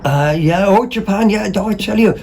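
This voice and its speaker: A man hosting a vlog, chatting casually about second-hand finds in a rambling, excitable way, full of ums and self-corrections. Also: high voice, moderate pace, creaky, slight background noise. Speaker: vlog host.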